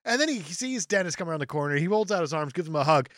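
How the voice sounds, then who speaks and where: A woman's voice: on the low side, lively intonation, fast talker, no echo, studio quality. A woman co-hosting a podcast, reviewing a movie in casual, sarcastic chat, often dropping into mock voices. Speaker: podcast co-host.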